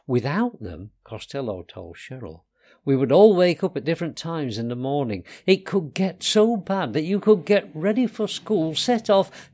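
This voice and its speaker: Slow-reading male storyteller. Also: fairly high pitch, a little mellow. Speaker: author reading his novel. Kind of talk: children's storybook narration.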